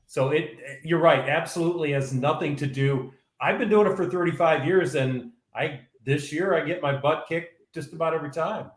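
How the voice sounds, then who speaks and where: A man's voice: fairly high pitch, normal speed, few pauses. Easygoing angler man in echoey room. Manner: easygoing, self-deprecating. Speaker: veteran tournament angler. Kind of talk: casual podcast chat.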